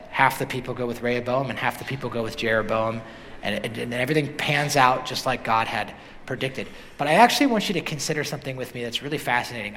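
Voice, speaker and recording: A man preaching a sermon as pastor, animated and building to emphatic questions. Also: medium pitch. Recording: long hall reverb.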